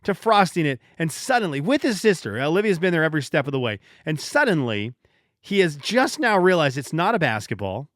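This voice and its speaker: A man in his thirties hosts a casual solo podcast, telling stories in an animated, joking way and often restarting his sentences mid-thought. His voice sits a little high and swings widely in pitch. The sound is dry and close, with almost no room echo. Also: brisk. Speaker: podcast host.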